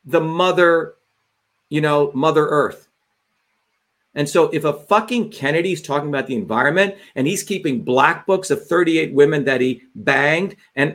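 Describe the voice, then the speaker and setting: A man hosting a livestream as a political candidate, delivering a fiery rant full of profanity. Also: fairly high pitch.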